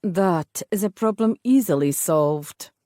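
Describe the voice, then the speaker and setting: A woman voicing a fierce Highland vampire nobleman with a low, grim manner. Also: expressive, takes it slowly, dark tone, no room sound, studio quality.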